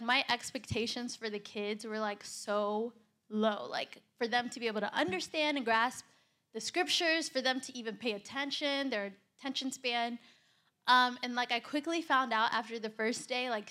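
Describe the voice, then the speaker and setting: A woman's voice: on the high side, a bit bright. A young woman giving a casual spoken testimony, earnest and chatty, with a constant "like" in her speech. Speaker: church volunteer sharing a testimony.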